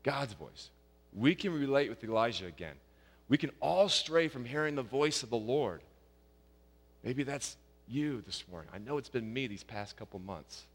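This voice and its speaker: A man preaching a sermon, rising loud and high on his questions and dropping soft and low for quiet passages. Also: expressive, moderate pace, big-room sound. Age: young adult or middle-aged, a father of young kids. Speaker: pastor.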